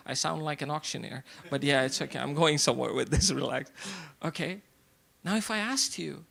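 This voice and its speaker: Gravelly man giving an event speech. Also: on the high side, a little fast, few pauses, fairly bright tone. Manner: rhetorical questions, repeated punchlines, addresses audience directly. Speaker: event speaker. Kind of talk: motivational speech to a live audience. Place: event hall before an audience.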